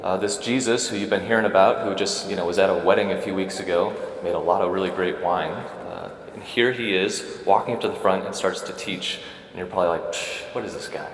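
A man with a low voice preaches a homily at Mass. He talks in a relaxed, conversational way and often checks in with his listeners. The sound is roomy and echoing, with a long church reverb and faint ambience behind him. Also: brisk, slight background noise. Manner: conversational, asks the congregation "right?" often. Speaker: Catholic priest.

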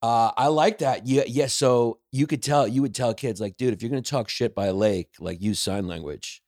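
A man from Brooklyn, a comedian guest on a podcast, telling stories in quick, joking, profane chat. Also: mid-range voice, darkish tone, dry recording, clean studio sound. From Brooklyn, New York. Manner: quick, joking storyteller, swears freely.

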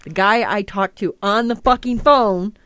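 A woman's voice: mid-range voice, a little slow, a bit bright, no room sound. Profane ranting woman podcast host. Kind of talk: casual chat.

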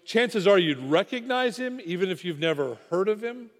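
A man preaching a sermon, telling a story dramatically and dropping to a hush for weight. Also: sits high, lively intonation, moderate pace. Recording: long hall reverb.

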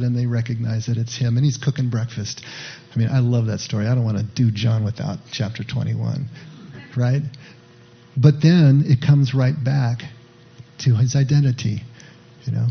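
Gravelly-voiced man teaching a sermon. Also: mid-range voice, steady tone, moderate pace, muffled recording. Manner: conversational teaching with frequent "right?" asides. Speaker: pastor.

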